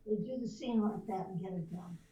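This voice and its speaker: An older veteran voice actress, a podcast guest, telling lively anecdotes and slipping into voices. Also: female voice, medium pitch, brisk, lo-fi sound. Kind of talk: storytelling in a podcast interview. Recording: roomy distant mic, faint noise.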